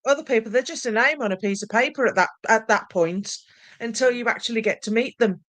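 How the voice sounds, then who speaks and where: A woman's voice: on the high side, a little fast, fairly bright tone. A woman guest in a casual live chat who organises paranormal events, talking in a friendly, reflective way over a video call.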